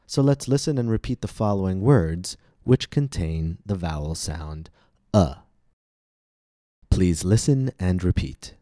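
Deep-voiced man teaching pronunciation. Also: lively intonation, mellow, no echo, clean studio sound. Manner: slow, careful, clearly enunciated delivery. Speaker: pronunciation teacher and podcast host. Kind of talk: scripted pronunciation lesson.

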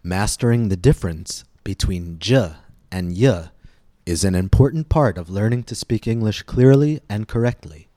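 A man hosting a pronunciation podcast, reading a scripted lesson slowly and with careful, clear enunciation. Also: lowish voice, expressive, mellow, no echo, clean studio sound. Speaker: pronunciation teacher and podcast host.

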